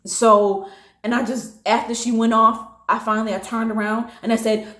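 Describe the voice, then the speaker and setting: A woman in her late twenties, casually telling a personal story, animated and acting out what others said. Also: fairly quick. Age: late 20s. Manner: animated, acting out quotes with big pitch jumps. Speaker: storytime vlogger. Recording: echoey room.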